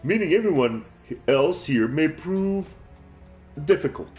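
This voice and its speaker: Man reading as a calm ghost, slow and formal, near his own voice. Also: on the high side, soft background music, pitched above the performer's own voice. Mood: ominous. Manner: measured, formal warnings. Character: benign ghost, calm and ominous. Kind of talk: game dialogue read aloud.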